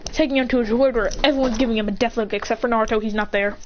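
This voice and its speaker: A woman retelling an imagined fan story in a rushed, excited way, on a slightly dull lo-fi recording. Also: on the high side, slight background noise.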